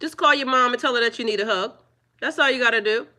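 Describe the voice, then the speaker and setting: A woman talking live to her viewers, firmly scolding trolls in a preachy, drawn-out way. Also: fairly high pitch, pushed and bright. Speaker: livestreamer. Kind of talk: live-stream chat with viewers.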